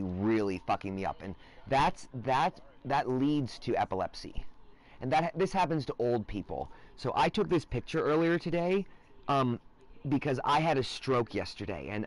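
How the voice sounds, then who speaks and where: A man streams in a wandering, erratic monologue, hopping between half-finished thoughts. His voice sits at an ordinary middle pitch. He swings into loud, profane rants without warning. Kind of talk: rambling casual monologue.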